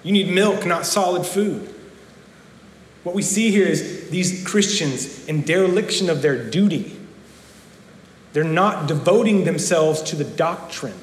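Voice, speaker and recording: A man's voice: a little high, unhurried. Man preaching in an echoey church. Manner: earnest preaching with frequent repeated words. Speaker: pastor. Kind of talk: sermon. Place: church sanctuary. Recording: echoey church hall with long reverb.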